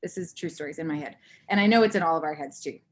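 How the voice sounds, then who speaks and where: A woman in her thirties giving a candid personal talk to an audience, acting out her own inner voice in lively bursts. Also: low voice, racing, slight background noise. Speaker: conference speaker.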